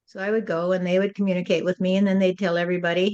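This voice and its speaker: A woman's voice: on the low side, little pitch movement, very fast, a little mellow, muffled recording. A woman acting as a spirit medium, relaying channeled messages in a musing way and often tagging her lines with "you see.".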